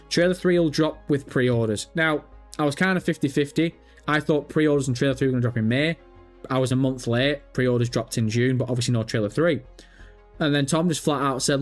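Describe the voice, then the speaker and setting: A man's voice: medium pitch, brisk, faint music behind. A man hosting a live gaming stream, reading viewer comments aloud and answering with profane, jokey banter. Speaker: livestream host.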